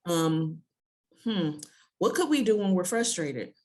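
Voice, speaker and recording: A woman's voice: lowish voice, expressive, slow pace, darkish tone. A woman in her thirties, a podcast guest, telling parenting stories casually and often acting out quoted voices. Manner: acts out her child and herself in quoted voices, laughs often. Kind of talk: casual conversational storytelling.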